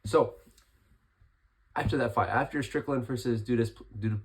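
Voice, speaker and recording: Hoarse young man chatting fight recap. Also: medium pitch, moderate pace. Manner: chatty, rambling, lots of restarts. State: hoarse, recovering from illness. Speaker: MMA commentary vlogger. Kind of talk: casual fight breakdown.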